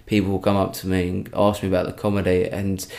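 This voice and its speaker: A man's voice: low voice, completely flat delivery, fast, creaky, a little mellow. A young man, a stand-up comedian, chatting casually on a podcast and rambling through many restarts.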